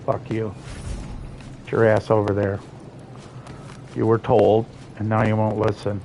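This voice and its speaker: A man's voice: lowish voice, completely flat delivery, measured pace, vocal fry, a little mellow, a little hiss or hum. Exasperated man swearing at a video game. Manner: frustrated, swearing, muttering at the game. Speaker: livestreamer. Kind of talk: live gameplay commentary.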